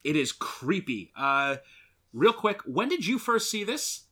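A man's voice: sits high, very animated, a little slow, bright, forceful tone, slightly rough. A man co-hosting a movie podcast, chatting casually and gushing enthusiastically about films. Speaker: podcast co-host.

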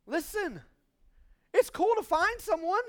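A man preaching a sermon to a congregation, joking and urging the crowd with "come on, somebody", swinging between loud bursts and quiet asides. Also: very high voice, big pitch swings, takes it slowly. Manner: humorous, call-and-response urging "come on somebody". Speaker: pastor. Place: church before a congregation.

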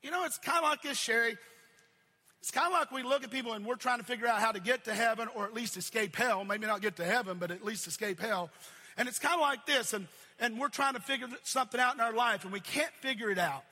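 Man, pastor, sermon, high voice, repeated cadences rising to shouts, long echo of a big hall. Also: fast. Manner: preaching in repeated cadences, swelling to shouts then dropping low. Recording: long reverb of a large hall.

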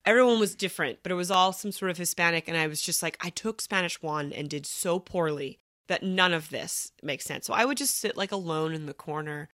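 A woman guest spins a chatty, rambling story on a podcast. Her voice sits low yet sounds bright and forward. It is recorded close and dry. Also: a little fast, no room sound. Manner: chatty, rambling with many likes. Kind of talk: casual storytelling.

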